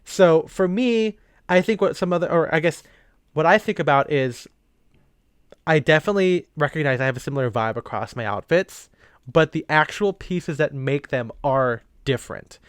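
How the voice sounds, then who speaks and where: A man's voice: on the high side, animated, moderate pace, clean tone, no room sound, clean studio sound. A young man co-hosting a podcast, rambling and laughing often. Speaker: podcast co-host. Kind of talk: casual chat.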